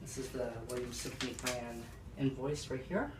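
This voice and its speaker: A man vlogging a delivery at home, excited and emotional, speaking haltingly with many fillers. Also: medium pitch. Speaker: vlogger unboxing a piano. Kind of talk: casual home video vlog. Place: at home by the front door. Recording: echoey, distant, noisy with passing traffic.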